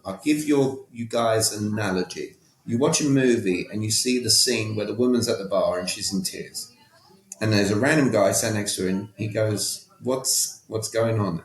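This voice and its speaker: Emphatic man in an echoey room. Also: on the low side. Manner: emphatic, repeats words, rhetorical questions. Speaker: podcast guest. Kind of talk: conversational coaching talk.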